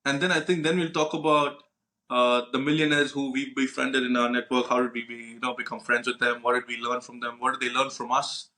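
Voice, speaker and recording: A man co-hosting a casual podcast, telling stories in an animated, expletive-heavy way. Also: medium pitch, brisk. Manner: animated storyteller, swears freely. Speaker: podcast co-host.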